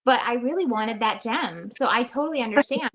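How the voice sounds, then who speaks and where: A woman's voice: fairly high pitch, lively intonation, a little fast. A woman in her forties hosting an interview, agreeable and affirming her guest with frequent yeahs. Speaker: host. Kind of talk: casual interview chat. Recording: clear crowd chatter behind.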